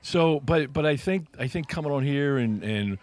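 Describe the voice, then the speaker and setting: A man's voice: a little high, lively intonation, normal speed. A man co-hosting a casual podcast chat, thinking aloud in a reflective way with frequent restarts. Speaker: podcast co-host.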